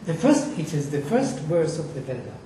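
Here a Sanskrit teacher with a fairly high, mellow and very animated voice passionately chants Vedic verses at a slow pace as he lectures. The room is echoey, the mic is far off, and there's faint noise.

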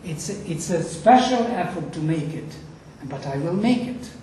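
In a lecture heard from a distance in an echoey room with faint noise, a Sanskrit teacher slowly and passionately chants Vedic verses. His voice is on the high side, animated, and warm.

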